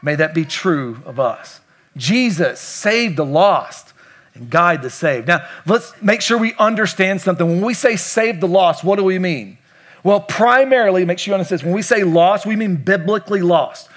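Male pastor, middle-aged, from kentucky, high voice, emphatic preaching, asks the congregation questions. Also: lively intonation, moderate pace, a bit bright. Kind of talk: preaching a sermon.

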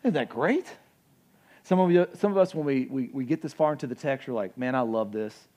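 A young adult man preaching a sermon as pastor, conversational and animated, with asides and acted-out quotes. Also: a little high, a little fast.

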